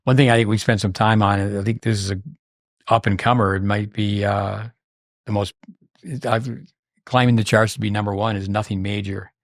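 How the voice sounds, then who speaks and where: A man hosting a podcast in loose, casual chat, with a lowish, fairly flat voice. He rambles, often restarting his sentences, and the sound is close and dry with no room echo. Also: normal speed. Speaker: podcast host.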